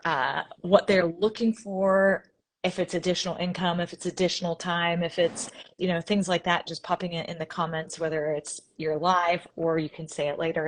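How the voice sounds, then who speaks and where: A young woman from Indiana hosting a casual live stream on a video call, bubbly and chatty, often laughing. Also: on the low side.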